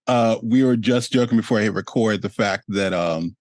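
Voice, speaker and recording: A man hosting a relaxed, rambling interview over a video call, with plenty of fillers. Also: on the low side, normal speed, no room sound. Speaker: host. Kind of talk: casual interview chat.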